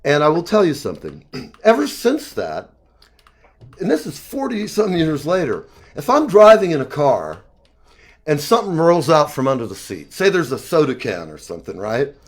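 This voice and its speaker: A man in his fifties telling rambling personal stories in casual chat, animated and profane, often laughing. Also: fairly high pitch, moderate pace. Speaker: talk show guest.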